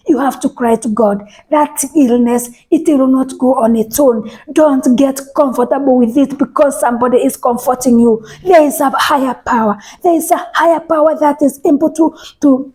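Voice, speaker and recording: A woman preaching a sermon, speaking emphatically, repeating phrases and restarting words, and sometimes dropping to a soft whisper. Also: high voice, moderate pace, few pauses, breathy edge.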